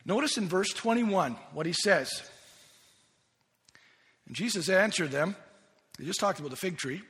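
A man with a high voice delivers a sermon, earnest and emphatic, stumbling over and repeating words as he builds his point. His voice rings with the long reverb of a big hall. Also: expressive, normal speed, a bit bright. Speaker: pastor.

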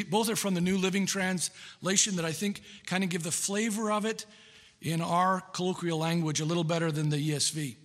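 A man's voice: high-pitched, a bit bright, long reverb tail. A man preaching a sermon in an earnest, emphatic way, repeating his key phrases for weight.

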